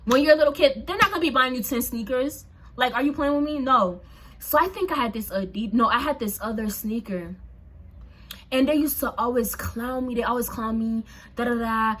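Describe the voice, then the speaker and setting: Husky young woman telling a story. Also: on the high side. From Haitian family. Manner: chatty, animated, lots of "like" and asides to viewers. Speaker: storyteller vlogger. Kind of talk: casual storytime vlog.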